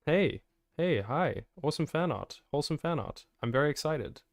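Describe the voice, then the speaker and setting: A man's voice: on the high side, animated, normal speed, vocal fry, no echo, clean studio sound. A man streaming a building game live, chatty and joking as he reacts to viewer messages. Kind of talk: live gameplay stream, answering chat.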